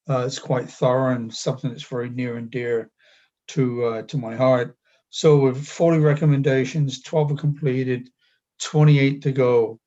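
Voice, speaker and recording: A man, a city councillor, asking staff a question at a meeting in a deliberate way. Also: medium pitch, darkish tone, highs cut off.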